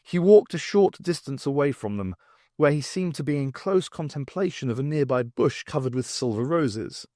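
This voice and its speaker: Expressive male audiobook reader. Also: medium pitch, normal speed, no echo, clean studio sound. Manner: expressive, varied storytelling. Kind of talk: unabridged novel reading.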